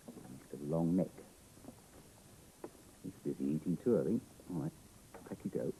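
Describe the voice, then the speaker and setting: A middle-aged Australian man, a children's TV presenter, reading a picture book aloud to young children in a playful, animated way with gasps and exclamations. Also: deep voice, normal speed, creaky, pauses often, a little hiss or hum, low-quality recording.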